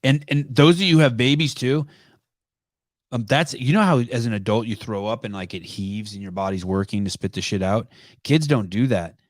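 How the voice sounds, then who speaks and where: A man's voice: mid-range voice, moderate pace, no room sound, studio quality. A man hosting a casual call-in podcast, rambling through stories with loose, profane talk and easy laughter. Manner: laughs easily. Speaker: podcast host.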